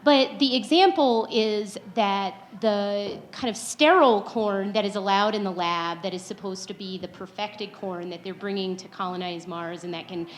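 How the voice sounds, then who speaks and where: A woman on a panel, casually describing an example with animated energy. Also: medium pitch, normal speed, hardly any pauses.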